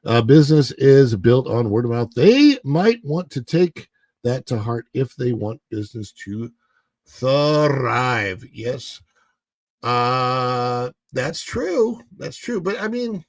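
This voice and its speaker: A livestream host chats casually with his viewers, rambling between news stories and reading them aloud to chat. His voice is medium-pitched, and the recording is dry.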